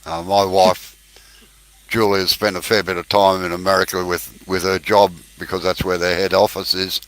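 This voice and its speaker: A man's voice: sits low, little pitch movement, moderate pace, fairly bright tone, dry recording, poor audio. An Australian man hosting a live woodworking chat, easygoing, laughing often and using local slang. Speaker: host of live woodworking stream. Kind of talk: casual chat.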